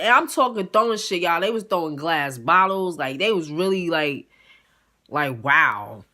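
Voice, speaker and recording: A young woman, telling an animated, profane storytime straight to her viewers. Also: fairly low pitch, unhurried. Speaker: vlogger. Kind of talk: casual storytime.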